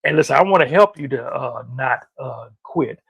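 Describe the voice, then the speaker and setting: A man preaching motivation to camera, emphatic, repeating key phrases and rising to loud peaks. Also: medium pitch, lively intonation, moderate pace, creaky, breathy edge, no echo. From North Carolina. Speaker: motivational minister.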